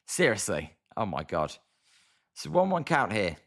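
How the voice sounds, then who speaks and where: A man's voice: lowish voice, big pitch swings, normal speed. A British man doing casual live-stream play-by-play of a ball game, exasperated and chatty as he answers viewers. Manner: exasperated, chatty, reads viewer comments aloud. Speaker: live-stream sports commentator. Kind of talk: casual play-by-play watch-along.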